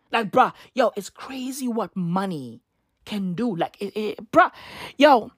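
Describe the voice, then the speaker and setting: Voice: medium pitch, no echo. Comedy rant host, rambling, slang-heavy, disbelieving, dry sound. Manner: rambling, incredulous, profane, slangy. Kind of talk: profane comedic commentary rant.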